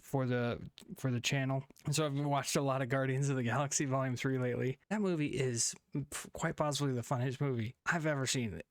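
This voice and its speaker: A man's voice: medium pitch, no echo, clean studio sound. Upbeat laughing podcast man. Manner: laughs easily, eager and upbeat. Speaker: podcast co-host. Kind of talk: casual chat.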